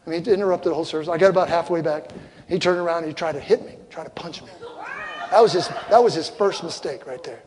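An older man preaching a sermon as a pastor, telling stories with loud punchlines and soft asides. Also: on the high side, quick pace, background noise. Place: church sanctuary. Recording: long hall reverb, faint crowd ambience.

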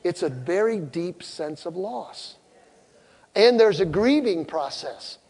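A man preaching a sermon, telling a personal story in an animated way and acting out both sides of an argument. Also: high voice, takes it slowly, gravelly, slightly rough, in a large hall. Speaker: pastor.

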